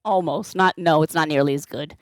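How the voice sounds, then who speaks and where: A woman's voice: deep voice, a little fast, dry recording. A woman streaming live, chatting playfully and gushing thanks to her viewers. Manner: bubbly, gushing thanks to chat; playful, baby-talks her cat. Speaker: streamer and balloon artist. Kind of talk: casual live-stream chat.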